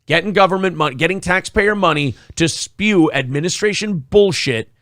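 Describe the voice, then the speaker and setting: Brief: wry, cussing male host, a touch high-pitched, dry close mic. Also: moderate pace, a bit bright, no echo. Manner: sarcastic, profane, mock-outraged. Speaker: podcast co-host. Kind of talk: casual chat.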